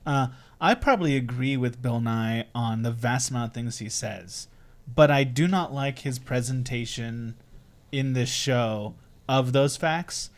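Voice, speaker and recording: A man co-hosting a casual podcast, earnest and measured when making his point. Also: medium pitch. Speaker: podcast co-host.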